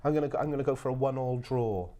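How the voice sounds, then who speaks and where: A man hosting a casual football debate, excitable and teasing, with frequent stumbling restarts. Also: mid-range voice, very fast.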